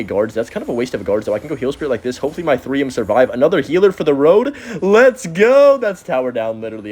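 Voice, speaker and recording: Young male gaming YouTuber, quick chatty play-by-play, lively pitch that swings up when excited. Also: breathy edge. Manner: excitable, chatty, talks to viewers as "guys" and "bro". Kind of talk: live gameplay commentary.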